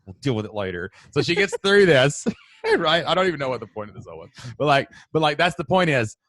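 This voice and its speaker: Animated, talkative man telling stories. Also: on the high side, brisk, no room sound. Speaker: co-host. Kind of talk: casual storytelling chat.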